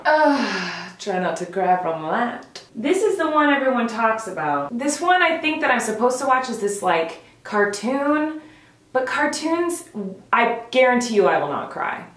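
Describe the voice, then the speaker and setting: Wry woman vlogger, lively pitch. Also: a little slow. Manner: wry, sarcastic running commentary. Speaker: vlog host. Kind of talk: casual vlog chat. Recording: roomy echo with background music.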